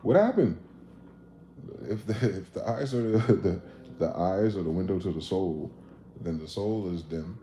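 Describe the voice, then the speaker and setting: Casting: man, low, mellow voice, loose profane livestream rant in an echoey room. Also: a little slow, pauses often. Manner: animated, profane, acts out both sides of conversations. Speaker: livestream host. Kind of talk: casual livestream monologue. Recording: echoey room with faint ambient noise.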